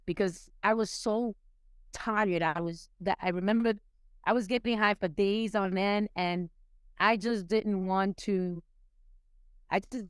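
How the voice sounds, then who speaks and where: A woman's voice: mid-range voice, steady tone, a little slow, clean tone, no room sound. A woman from New York City, a podcast guest, candidly telling a personal recovery story with many restarts and repeated words. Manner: candid, emotional storytelling with frequent restarts and repetitions.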